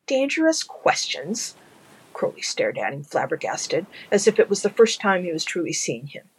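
A narrator reading a fan audiobook at a measured, low-key pace. The voice is gravelly with a husky edge. The tone stays calm and even through the telling. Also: rough recording.

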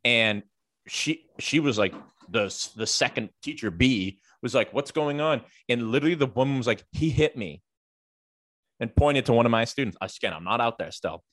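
A man's voice: mid-range voice, expressive, brisk, a bit bright, dry recording, studio quality. A man who works as a teacher, telling a casual story with lots of fillers and the odd swear word. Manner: rambling, filler-heavy, profane.

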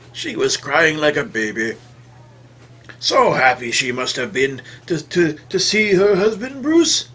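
Bright, lively man rambling a comic tale. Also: a little high. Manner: rambling, bumbling and oblivious, with old-fashioned phrasing. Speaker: comic storyteller. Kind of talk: comedic first-person story monologue.

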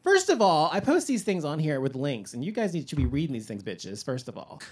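A man's voice: a little high, brisk, breathy edge. A middle-aged man hosting a casual podcast chat, telling stories animatedly, laughing often and acting out what people said. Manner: animated storyteller, laughs often, acts out quotes. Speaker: podcast host.

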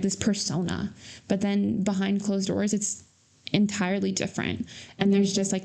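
Gravelly-voiced woman in casual chat. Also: medium pitch, mellow. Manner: filler-heavy, says "like" constantly. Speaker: podcast co-host and trainer.

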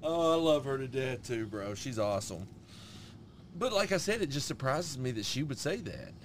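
Animated swearing middle-aged man storyteller. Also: mid-range voice, moderate pace, a little hiss or hum. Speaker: podcast co-host. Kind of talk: casual profane chat.

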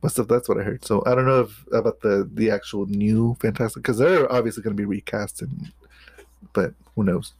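A man's voice: fairly low pitch, steady tone, brisk, darkish tone, slightly rough, dry recording. A man co-hosting a podcast in casual chat, rambling and hesitant with many restarts. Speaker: podcast co-host.

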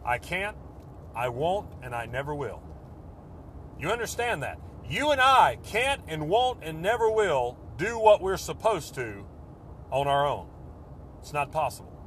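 A man preaching a sermon with fervent, repetitive phrasing that swells and then drops to a hush. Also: fairly high pitch, very animated, unhurried, slight background noise.

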